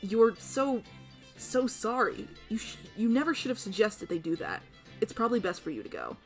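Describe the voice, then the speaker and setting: A woman's voice: a little high, sing-song, moderate pace, soft background music. Woman doing a panicky, pleading young woman. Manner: pleading, voice climbing with fear.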